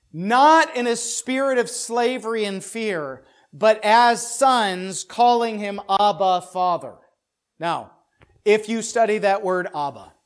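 High-voiced man teaching a Bible lesson. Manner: keeps checking in with "right?", with joking asides; stumbles and repeats words as he thinks aloud.

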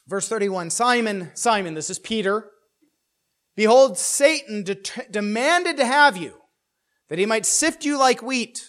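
A man delivers an earnest expository sermon, animated yet slow, pausing often and frequently restarting and repeating words. When stressing a point, he grows louder and higher.

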